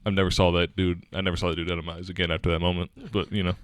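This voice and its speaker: A man's voice: deep voice, little pitch movement, rapid-fire, clear, resonant tone, no echo, clean studio sound. A young man co-hosting a casual podcast chat, laid-back and laughing often as he tells stories. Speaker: podcast co-host.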